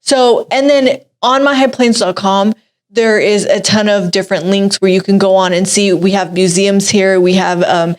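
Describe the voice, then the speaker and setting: A bubbly young woman hosting a casual web show segment, chatty and easily amused. She is from Texas and laughs often between her lines. Her pitch sits in an ordinary middle range for a woman. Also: fairly even intonation, moderate pace. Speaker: entertainment segment host.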